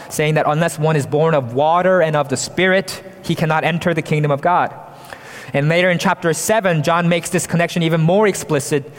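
A man preaches in an earnest, explaining manner, often turning to his listeners with rhetorical questions. His voice sits somewhat high for a man. A long reverb trails each phrase, as in a large church sanctuary. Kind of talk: sermon.

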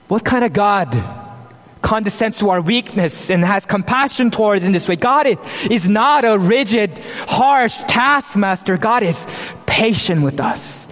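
High-voiced man preaching in a reverberant hall. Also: lively intonation, a little slow, a bit bright. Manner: earnest, emphatic preaching with occasional laughs. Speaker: pastor. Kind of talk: sermon.

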